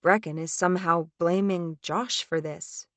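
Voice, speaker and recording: A woman narrating a suspenseful first-person audiobook in a tense, measured reading. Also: fairly low pitch, fairly even intonation, a bit bright, dry recording.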